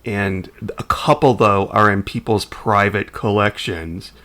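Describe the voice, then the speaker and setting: A man co-hosting a podcast in casual chat, animated and jokey, often trailing off and restarting his sentences. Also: lowish voice, measured pace. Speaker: podcast co-host.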